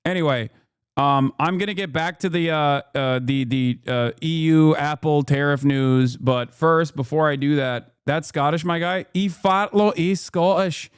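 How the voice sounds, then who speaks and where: A man's voice: a little high, measured pace, clear, resonant tone, no echo, studio quality. A man hosting a live-stream, reacting to a video with blunt, exasperated commentary and some swearing. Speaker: streamer host.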